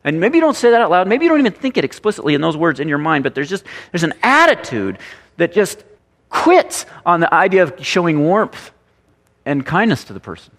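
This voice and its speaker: A man pastor preaching a sermon, animated and full of rhetorical questions and repeated phrases. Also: on the high side, brisk, in a large hall.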